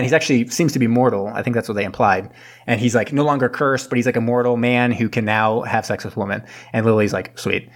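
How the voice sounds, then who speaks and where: Male podcast host, casual rambling plot recap, mid pitch, playful character voices. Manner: rambling, acts out characters in quick funny voices. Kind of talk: casual movie recap chat.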